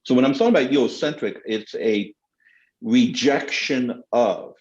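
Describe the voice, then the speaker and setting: A man's voice: on the low side, a little mellow, roomy sound, lo-fi sound. A middle-aged man, a theologian answering questions in a panel talk, speaking with passion and emphasis.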